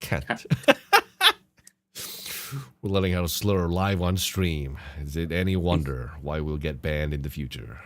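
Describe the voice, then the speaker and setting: A man hosting a podcast, ranting casually with profane, animated outbursts. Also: extremely low pitch, a little slow, pauses often, no echo. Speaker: podcast host.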